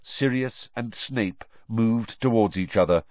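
A man narrating a story from a script, expressive in his storytelling, on a dull lo-fi recording. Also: on the low side, unhurried, no echo. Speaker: audiobook narrator.

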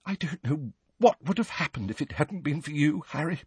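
A motherly middle-aged woman, high-pitched and gushing with gratitude, as a man puts her on for a storybook reading. Her voice is husky and close, with no room around it. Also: sing-song, moderate pace, no echo, exaggerated voice. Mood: tearful gratitude.

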